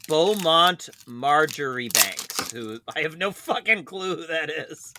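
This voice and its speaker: A man's voice: fairly high pitch, expressive, slow pace, noisy background. A man co-hosting a podcast in casual chat, joking, swearing and laughing a lot. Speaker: podcast co-host. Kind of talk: casual chat, snack tasting.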